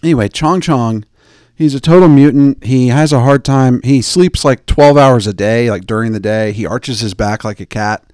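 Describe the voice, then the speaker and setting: Casting note: male podcast host, mid pitch, meandering comic storyteller, dry booth sound. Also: moderate pace, darkish tone, clean tone, no room sound. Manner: digressive, joking, mimics people in quoted asides. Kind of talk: rambling comedic podcast chat.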